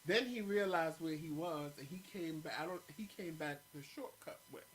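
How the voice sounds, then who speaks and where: A man's voice: on the high side, moderate pace, slight background noise, rough recording. A man co-hosting a show, telling a story in a casual, blunt and profane way. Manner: blunt, profane, animated retelling. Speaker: co-host.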